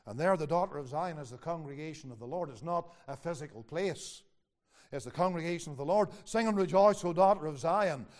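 A male preacher delivering an earnest, emphatic sermon. His voice sits fairly high for a man, and he leans into long Scripture quotations. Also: darkish tone. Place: home, away from the usual church.

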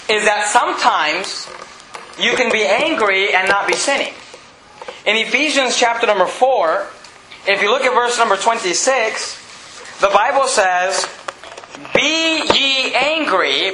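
A man preaching a sermon in a folksy style. He reads scripture slowly and builds up to loud, emphatic peaks. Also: high voice, background noise. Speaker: pastor. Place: church sanctuary. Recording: echoey church room.

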